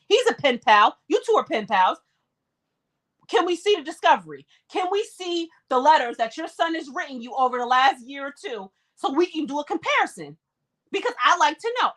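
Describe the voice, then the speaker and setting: A woman with a high-pitched voice hosts a live-stream commentary. She talks with passion and keeps pressing rhetorical questions. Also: a bit bright. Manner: impassioned, fires rhetorical questions.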